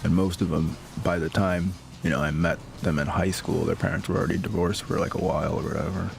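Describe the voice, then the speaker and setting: A man's voice: low-pitched, fairly even intonation, fast talker, creaky, faint music behind. A man streaming a game and telling stories in a loose, rambling way, full of filler words and laughs. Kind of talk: casual storytelling chat.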